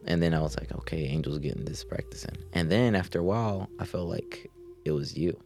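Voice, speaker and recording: Young guy w a low voice, chatty, acts out his coworkers in spanish + english, faint music under. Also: brisk, gravelly, darkish tone. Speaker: guest. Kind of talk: casual chat.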